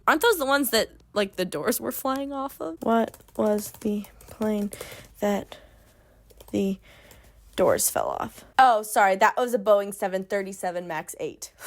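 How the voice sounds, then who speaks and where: Young woman, sarcastic book recap, highish voice, very lively pitch, hushed asides and loud bursts. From Canada. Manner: sarcastic, animated, swings between hushed asides and loud outbursts. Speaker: book reviewer. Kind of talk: casual comedic book recap.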